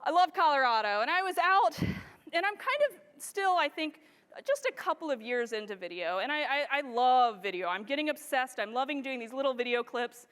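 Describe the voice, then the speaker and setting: High-voiced, enthusiastic woman presenting on stage. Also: moderate pace, clear, resonant tone. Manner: enthusiastic, animated storytelling with frequent laughter. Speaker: wildlife photographer giving a stage presentation. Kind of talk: live storytelling presentation to an audience. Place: large hall with a live audience. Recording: reverberant hall sound.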